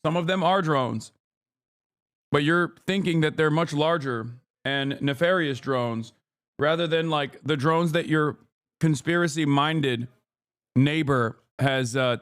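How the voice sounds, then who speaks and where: A man's voice: on the high side, measured pace, a bit bright, clear, resonant tone. A male livestream host giving combative, sarcastic and profane reaction commentary.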